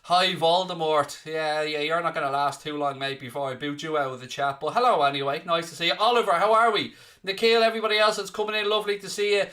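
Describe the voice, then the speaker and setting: A man's voice: on the high side, steady tone, quick pace, bright, forceful tone. A young man hosting a football watchalong stream from home, chatty and upbeat, greeting viewers in the chat by name. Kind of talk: casual live-stream chat, reading out viewer comments.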